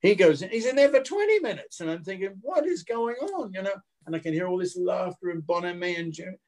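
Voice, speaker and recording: A man's voice: sits high, fast talker. A man, a guest actor telling a story casually over a video call and acting out the quotes. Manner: animated, acts out the quotes.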